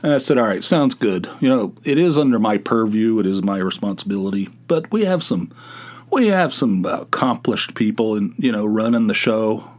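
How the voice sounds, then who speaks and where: A man's voice: lowish voice, animated, normal speed. A middle-aged man hosting a podcast, telling a rambling, self-deprecating story in a casual solo monologue and acting out the voices of people he quotes. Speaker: podcast host.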